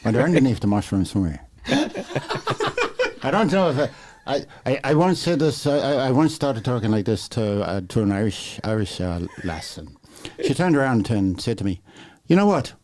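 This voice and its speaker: A man's voice: lowish voice, expressive, moderate pace, noisy background. Hesitant man with a New Zealand accent. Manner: hesitant, stammering starts. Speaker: guest. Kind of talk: casual chat.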